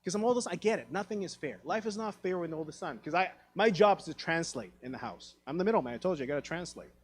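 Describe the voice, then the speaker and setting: Male stand-up comic, slightly high voice, animated storyteller who acts out the characters, live theatre set. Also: fast talker, slight background noise. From Taiwan. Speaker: stand-up comedian. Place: theatre stage.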